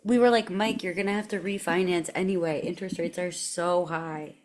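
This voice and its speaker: A woman co-hosting a podcast, dropping dry, quick-witted quips into the banter. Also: lowish voice, fairly even intonation, crowd noise. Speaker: podcast co-host. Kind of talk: casual banter.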